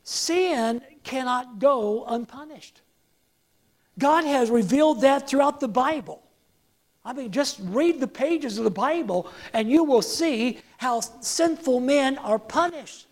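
Slow, emphatic woman preacher. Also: sits high, lively intonation, darkish tone. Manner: emphatic, repeats key phrases, leads the congregation in call-and-response. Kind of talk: sermon. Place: church service with projected slides.

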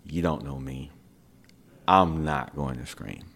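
A man quoting his stubborn young son in his own low voice, sounding defiant. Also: slow pace, gravelly, a bit bright, big-room sound, exaggerated voice. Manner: defiant, insistent.

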